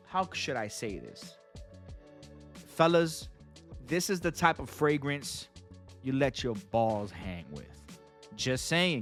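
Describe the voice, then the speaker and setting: A man's voice: a little high, a bit bright. Upbeat slangy man reviewing fragrances. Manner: enthusiastic, slangy, keeps addressing viewers as guys. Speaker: fragrance reviewer and channel host. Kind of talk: casual product review to camera.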